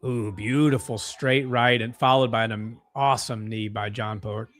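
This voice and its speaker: A young man co-hosting a live fight watch-along from home, calling strikes excitedly and reading out chat comments. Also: mid-range voice, normal speed. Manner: excitable, gasping at big strikes.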